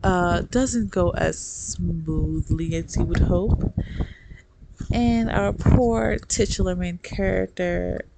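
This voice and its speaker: A young adult speaker giving a casual, rambling review with quick asides and laughter. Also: medium pitch, gravelly. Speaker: book reviewer. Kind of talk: casual chat. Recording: loud background noise.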